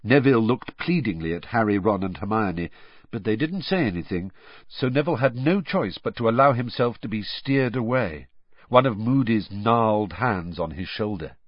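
A man narrating a story audiobook in an expressive reading that switches between characters. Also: lowish voice, normal speed, dry recording, highs cut off. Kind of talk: scripted narration.

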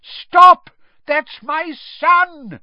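A man voicing a frantic middle-aged father wizard with a shaky, shouting voice, on a slightly dull, dry recording. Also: very high voice, very slow, no room sound, pitched above the performer's own voice, heavily acted.

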